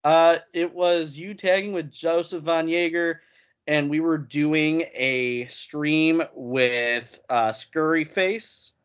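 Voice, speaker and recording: A man's voice: a little high, takes it slowly, smooth, highs cut off. A man on a podcast making dry wisecracks in casual chat. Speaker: podcast co-host.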